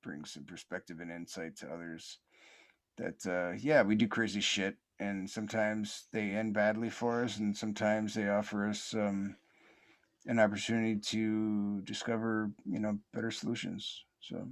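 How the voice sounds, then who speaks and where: A man hosting a podcast, reflecting in a slow, halting way with many fillers and restarts, in a soothing, almost sleepy cadence. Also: on the low side, level tone. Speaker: podcast host.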